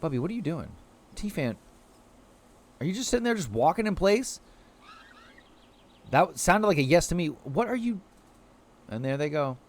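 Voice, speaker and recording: Lively, animated male game streamer. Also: high-pitched, normal speed, pauses often. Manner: chatty, talks to chat and to game creatures; playful, apologetic asides. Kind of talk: casual livestream commentary.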